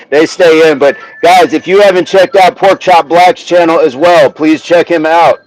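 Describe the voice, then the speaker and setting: A man hosting a casual livestream outdoors, chatting with his viewers, reading their comments aloud and slowly sounding out words. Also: on the high side, low-quality recording. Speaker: livestream host. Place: outdoors, windy, a tree behind him.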